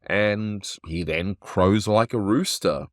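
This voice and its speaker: A man's voice: on the low side, slow, no echo, clean studio sound. A man hosting a show, casually reviewing an old cartoon with wry, rambling asides. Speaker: host.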